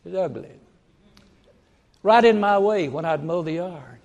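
Male preacher, folksy storyteller, raised gravelly voice, long hall reverb, bursts loud for quoted lines. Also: high-pitched, unhurried. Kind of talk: sermon. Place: church sanctuary.

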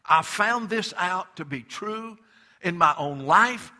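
Preaching a fervent sermon, an older male pastor speaks slowly and animatedly in a bright voice pitched a little high. He stammers as he restarts and puts heavy stress on the words he wants to land.

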